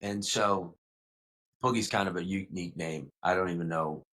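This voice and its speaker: This young man's voice is low-pitched and fairly bright, moving at a moderate pace. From south of New Orleans with a light South Louisiana accent, he rambles through stories as a podcast guest in a casual interview, correcting himself and sprinkling in "like" and "you know."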